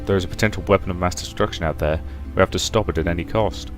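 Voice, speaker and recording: A young man playing a sci-fi visual novel, reading out every character's lines with shifting pitch and loudness. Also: fairly even intonation, quick pace, music in the background. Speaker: game let's-player.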